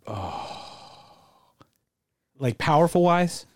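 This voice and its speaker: Man, podcast co-host, jokey and animated, quick to laugh; dry, close mic. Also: on the high side, no room sound. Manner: animated, laughs often, slips into silly voices. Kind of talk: casual chat.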